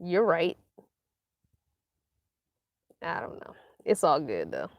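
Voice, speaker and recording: A woman from Northern Virginia hosting a casual livestream, reading viewer comments aloud in a chatty, animated way and laughing often. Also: sits low, takes it slowly, no room sound, muffled recording. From Northern Virginia, USA. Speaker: vlogger hosting a live chat.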